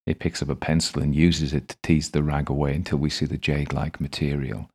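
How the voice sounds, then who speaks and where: A man calmly narrating a first-person audiobook story in a measured way. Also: very deep voice, husky.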